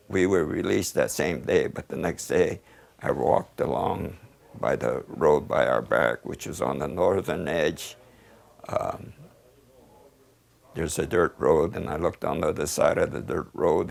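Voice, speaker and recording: A man in his eighties calmly recounting childhood memories in an interview, measured and with fillers. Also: a bass voice, creaky.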